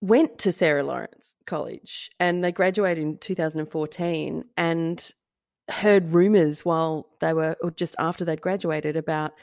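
Animated woman podcast co-host. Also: low voice, a little slow, no echo, studio quality. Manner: animated, gleeful storytelling with swearing. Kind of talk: casual chat.

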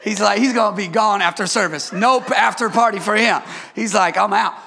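Male preacher, high gravelly voice, call-and-response sermon, playful asides. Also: brisk, bright, forceful tone. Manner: playful, joking with the congregation.

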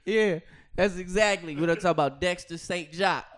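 A man's voice: high voice, fairly quick, fairly bright tone. A man in casual chat, teasing his friends with crude banter and laughing often.

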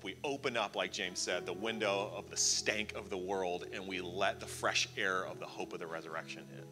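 A worship leader at a church service, speaking in a gentle, inviting, unhurried way. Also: male voice, low-pitched, steady tone. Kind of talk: worship prayer lead-in. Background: music.

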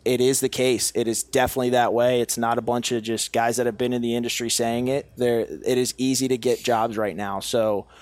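A man's voice: mid-range voice, a little mellow, no room sound. A young man talking as a podcast guest about his business, earnest and self-assured, often restarting his phrases. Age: young adult. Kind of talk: casual podcast chat.

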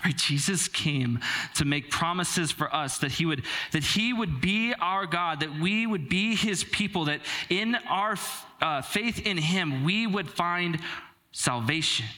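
A man's voice: fairly high pitch, unhurried, bright, forceful tone. A young man preaching a sermon to a church, telling a self-deprecating personal story in a conversational way with frequent filler words. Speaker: pastor.

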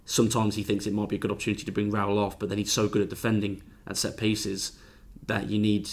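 A football reporter talks in a low, flat voice, quick but halting, with restarts and fillers. He sounds casual. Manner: hesitant, with many ums and restarts. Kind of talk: casual chat.

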